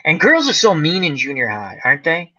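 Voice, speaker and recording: Lively, bright-voiced man in his forties. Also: on the high side, a little fast, lo-fi sound. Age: 40s. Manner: animated storyteller acting out voices. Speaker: host. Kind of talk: casual chat.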